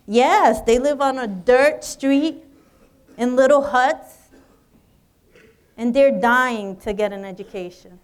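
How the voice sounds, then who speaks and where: A woman giving an encouraging motivational speech to students, speaking straight to the audience in a university hall. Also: high voice. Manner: encouraging, addresses audience directly. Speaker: guest speaker. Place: university auditorium.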